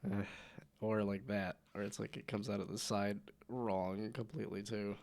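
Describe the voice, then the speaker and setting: A man's voice: fairly low pitch, flat delivery, moderate pace, gravelly, darkish tone. A man with a sick voice, casually thinking aloud and muttering to himself while coding on a live stream. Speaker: game developer streaming live.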